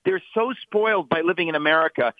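A man's voice: on the high side, quick pace, dry recording. A middle-aged man talking as a guest commentator, emphatic and mocking, stumbling over repeated words. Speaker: guest author. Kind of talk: heated talk show commentary. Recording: tinny phone line.

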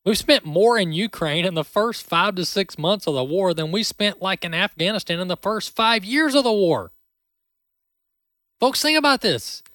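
A man hosting a talk show, giving sarcastic, animated political commentary into a close studio mic. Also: sits high, no room sound.

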